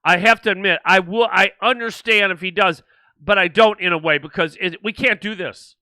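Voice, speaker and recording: A man's voice: high voice, normal speed, sharp tone, no echo. Indignant older man ranting. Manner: indignant, repetitive ranting with restarts. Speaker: host. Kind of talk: political livestream commentary.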